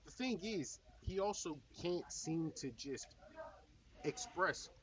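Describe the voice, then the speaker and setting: A man's voice: fairly high pitch, expressive, slow, a bit bright, distant mic, a little hiss or hum, low-quality recording. Blunt swearing man ranting commentary. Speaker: streamer reacting to a video. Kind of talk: profane reaction commentary.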